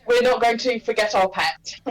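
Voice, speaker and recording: A woman's voice: on the high side, measured pace, rough recording. A woman as a player in a tabletop game, talking persuasively in character. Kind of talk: casual in-character tabletop play.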